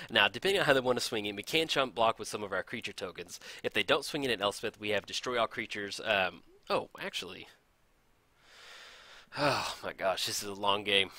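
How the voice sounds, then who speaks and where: Casting note: a man as a chatty, laugh-prone game commentator, bright tone, animated pitch. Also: fairly quick, no room sound. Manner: excitable, laughs often, chatty and self-deprecating. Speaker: gameplay commentator. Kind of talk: casual card game commentary.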